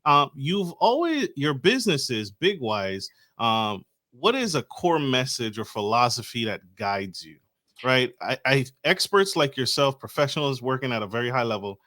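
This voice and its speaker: A man's voice: mid-range voice, very animated, moderate pace, pushed and bright. A man hosting a podcast, hyping up his guest with casual slang and stumbling through his questions. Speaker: podcast host.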